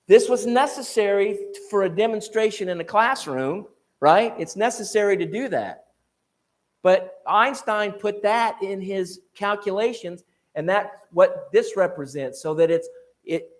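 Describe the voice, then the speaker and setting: A man giving an evening church talk, lively and conversational, often restarting and checking in with questions to the room. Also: high-pitched. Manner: animated, repeats and restarts, asks the room questions. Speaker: preacher.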